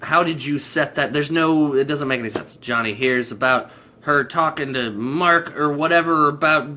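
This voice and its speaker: Bright, animated young male reviewer. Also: fairly high pitch, moderate pace. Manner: animated, mock voices for characters. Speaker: movie reviewer. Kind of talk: casual spoiler review.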